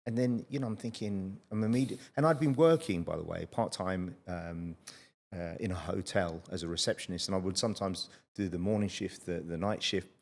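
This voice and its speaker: Lively man hosting a podcast. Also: deep voice, fairly quick, vocal fry. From United Kingdom. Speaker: podcast host. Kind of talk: casual interview chat.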